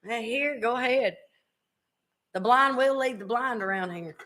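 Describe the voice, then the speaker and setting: A woman's voice: a little high, a little slow, sharp tone. A woman in her thirties hosting a casual podcast chat, chatty and teasing, with a drawl and frequent fillers. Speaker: podcast host.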